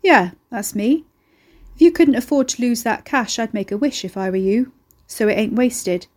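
A woman voicing a cocky, gruff young man with a Londonized local accent in an audiobook reading. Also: a little high, moderate pace, a little mellow, pitched above the performer's own voice, close to an everyday voice. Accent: Londonized English local.

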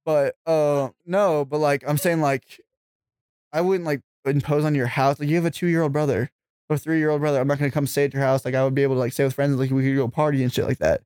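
A man's voice: on the high side, steady tone, quick pace, darkish tone, smooth, dry recording. A young man in casual chat, ranting and swearing as he gets heated about flaky friends. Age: young adult.

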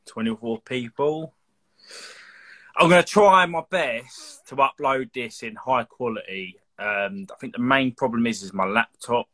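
A man's voice: medium pitch, measured pace, a bit bright. A young man hosting a live stream, chatty and teasing, often restarting his sentences. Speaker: host of a reptile live show. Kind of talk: casual live-stream chat.

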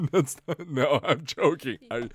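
A man co-hosting a podcast in casual chat, telling dark jokes deadpan with halting restarts. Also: on the high side. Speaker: podcast co-host.

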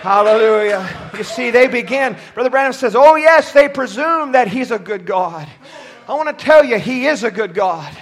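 A man preaching a sermon from a church pulpit, shouting at times and dropping low at others, often stumbling over his words. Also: lively intonation, moderate pace. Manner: impassioned, swings from shouting to near-quiet.

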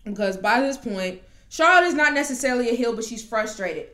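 A woman hosting a casual podcast, talking animatedly and quickly with plenty of asides. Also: fairly high pitch, expressive, a bit bright. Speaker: podcast host. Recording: roomy echo.

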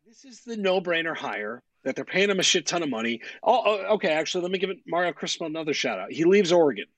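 A man co-hosting a sports podcast in casual chat, with a voice that sits a little high and swings widely in pitch. He is blunt and opinionated and swears freely. The sound is dry and close. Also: sing-song, fast, fairly bright tone, no echo. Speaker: podcast co-host.

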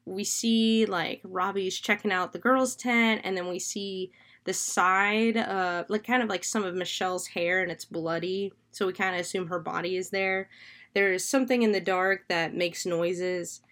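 A woman's voice: mid-range voice, steady tone, moderate pace, a bit bright. A woman casually recapping and reviewing a horror film. She talks loosely, with lots of "like" and "um", and swears now and then for emphasis.

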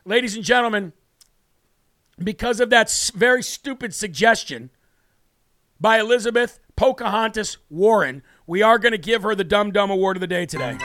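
A man's voice: high voice, normal speed, sharp tone, dry recording, clean studio sound. A man hosting a political talk show, delivering a brash, mocking, ranting monologue.

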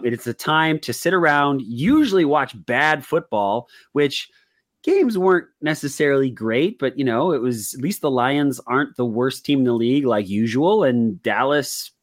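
A man hosting a casual sports podcast, upbeat and chatty with quick asides. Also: mid-range voice. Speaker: podcast host.

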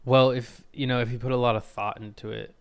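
A man's voice: mid-range voice, level tone, a little fast, vocal fry, smooth. A young man hosting a podcast, chatting and joking around playfully. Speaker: podcast host. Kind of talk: casual podcast chat.

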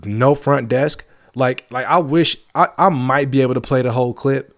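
A man's voice: mid-range voice, normal speed, fairly bright tone. A man hosting his own show, talking in a casual monologue, emphatic and repetitive, with joking asides. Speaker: podcast host.

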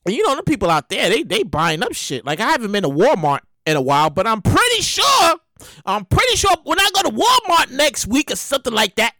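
A woman's voice: fairly high pitch, huge pitch swings, fairly quick, sharp tone, no room sound, clean studio sound. A woman hosting a podcast in casual comedic commentary, exclaiming and repeating herself. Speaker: podcast host.

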